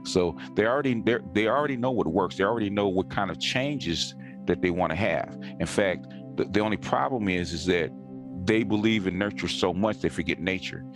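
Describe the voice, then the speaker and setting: A man's voice: low voice, brisk, over music. A man in casual conversation, talking emphatically and insistently, circling back to stress his points. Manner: emphatic, insistent, leans on repeated words.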